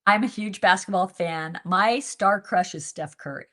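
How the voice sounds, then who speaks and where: A woman of middle pitch hosts a book group over a video call. She tells stories with animation and laughs often. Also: moderate pace, a bit bright. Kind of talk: casual interview chat.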